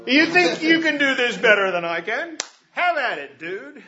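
A man's voice: high-pitched, expressive, normal speed, fairly bright tone, pitched above the performer's own voice. A man voicing a blunt, exasperated male angel who gives orders in casual slang. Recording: muffled lo-fi recording.

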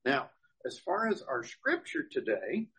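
A man's voice: mid-range voice, wildly swooping pitch, measured pace, pushed and bright, a little hiss or hum, poor audio. A middle-aged man, a pastor, giving a casual, chatty sermon in church with many fillers.

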